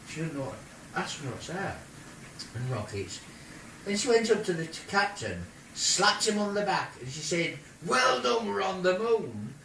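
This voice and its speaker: An older man, a grandfather, telling a silly made-up story in an animated way, with squeaky put-on voices for the people in it. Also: noisy background. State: ill. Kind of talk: playful bedtime-style storytelling. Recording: roomy home video from a distance.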